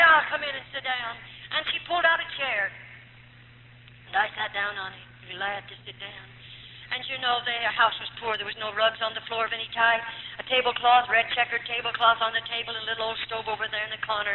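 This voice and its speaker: A middle-aged American woman, a former nun, tells her life story as an emotional testimony to an audience, earnest and rising and falling with feeling. Her voice is slightly high and a little fast, with fairly even intonation. It's preserved on tinny, lo-fi archive tape in an echoey hall with a faint hum.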